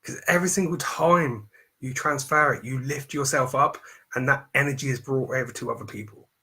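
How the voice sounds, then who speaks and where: Bright-voiced motivational man. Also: medium pitch, fairly quick. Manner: emphatic and repetitive, preaching self-affirmation. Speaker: mindset coach. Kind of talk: motivational live stream talk.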